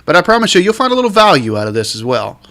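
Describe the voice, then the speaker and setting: A man's voice: sits high, gravelly. A man hosting a real estate podcast, ranting in an exasperated, emphatic way and drawing out the words he wants to stress. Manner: lively, drawn-out stresses on key words. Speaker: realtor and podcast host. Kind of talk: podcast rant.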